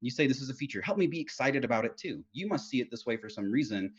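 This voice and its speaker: A man's voice: medium pitch, fast talker, breathy edge. A man giving casual career advice as a guest speaker on a video call, telling stories with lots of fillers and restarts. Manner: animated storytelling, many fillers and restarts. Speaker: guest speaker, test engineering lead. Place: home, Utah. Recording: dull lo-fi video call audio.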